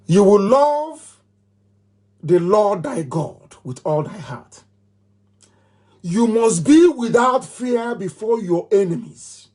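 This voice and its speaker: A man's voice: sits high, sing-song, takes it slowly, long pauses, darkish tone. A middle-aged man with a Nigerian accent giving a live political broadcast, talking in an emphatic, repetitive way with mocking laughs. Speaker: movement leader giving a broadcast.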